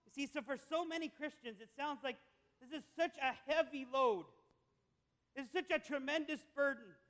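A man with a very high, somewhat bright voice preaches at normal speed, telling his sermon emphatically like a story and driving points home through repetition. Long reverb trails every phrase, as though he's in a big hall.

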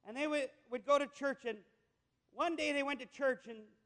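A male preacher with a very high voice, delivering a sermon in an emphatic storytelling manner. He builds his points through repetition. A long reverb trails each phrase, as if he is in a big hall. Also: normal speed, a bit bright.

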